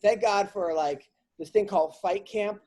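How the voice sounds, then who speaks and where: A man hosting a podcast, a comedian talking in a casual chat and venting in an animated, rambling comic way with lots of restarts. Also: high-pitched, normal speed.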